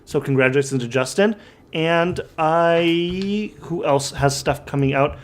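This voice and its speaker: A man's voice: on the high side, measured pace. A man co-hosting a comedy podcast, cracking wry jokes and reading out announcements in casual banter. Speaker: podcast co-host.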